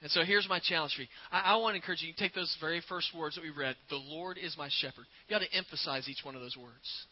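A man preaching a sermon as a pastor, earnest and repetitive, slowing down to stress his points. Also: fairly high pitch, muffled recording. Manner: earnest, repeats words, slows for emphasis.

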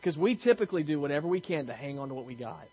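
A man's voice: on the high side, lively intonation, very fast, husky, lo-fi sound. A man preaching a sermon in a conversational, self-deprecating way, telling stories and often restarting his sentences. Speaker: pastor.

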